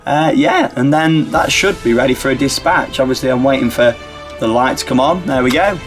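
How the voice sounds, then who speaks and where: A theme park YouTuber plays a ride simulator, giving casual, upbeat commentary and talking himself through each step as he operates it. His medium-pitched voice moves fairly quickly, with faint music in the background.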